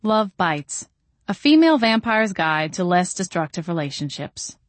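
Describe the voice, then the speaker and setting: A woman reading a first-person novel aloud in a calm, measured audiobook narration. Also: on the low side, no room sound.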